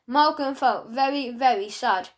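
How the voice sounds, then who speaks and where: A woman narrating a children's audiobook in a lively storytelling manner. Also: sits high, measured pace.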